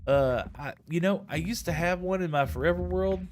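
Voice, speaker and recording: A man's voice: high voice, normal speed. Chatty man streaming a game. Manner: rambling, chatty, self-correcting with frequent chuckles. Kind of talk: casual gameplay stream chat.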